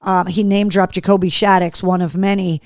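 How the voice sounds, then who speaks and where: A woman's voice: lowish voice, little pitch movement, normal speed, a little mellow, no echo, clean studio sound. A middle-aged woman from Massachusetts hosting a live show in casual chat, reading viewer comments aloud and talking freely. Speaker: host.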